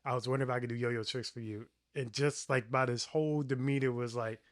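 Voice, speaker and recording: A man's voice: medium pitch, steady tone, fast. A man, a yo-yo performer and rapper, chatting casually on a podcast in a rambling, storytelling way full of "like". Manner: rambling storyteller, heavy use of "like".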